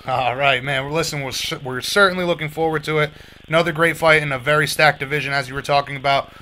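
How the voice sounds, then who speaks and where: A man's voice: fairly high pitch, steady tone, quick pace, bright, forceful tone, a little hiss or hum. A man hosting a sports radio show, chatting easily with his guests and laughing along.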